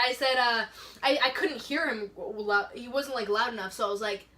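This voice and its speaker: A woman's voice: fairly high pitch, moderate pace, pushed and bright. A young woman telling a personal story on a casual podcast, rambling, with lots of "like" and frequent laughter. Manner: rambling, heavy use of "like", laughs often. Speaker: podcast co-host.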